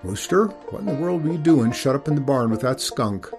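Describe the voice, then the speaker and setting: A man's voice: mid-range voice, animated, brisk, vocal fry, music in the background. A man reading an audiobook, voicing a plainspoken farm father. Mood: puzzled.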